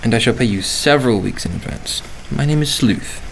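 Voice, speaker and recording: A man's voice: medium pitch, a little fast, creaky, slight background noise, close to an everyday voice. A man playing a stern, preachy lodger. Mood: formal, preachy. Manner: soft, formal and preachy, with sharp outbursts. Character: pious, secretive male lodger, stern and weary. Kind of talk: 1940s radio acting.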